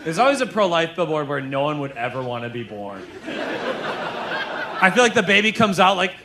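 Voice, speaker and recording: A man doing a stand-up set with crowd work, brash and sarcastic, shouting some punchlines. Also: fairly high pitch, big pitch swings, moderate pace, heavy background noise. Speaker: stand-up comedian. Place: comedy club stage with laughing audience. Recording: live club recording with audience laughter. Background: crowd laughter.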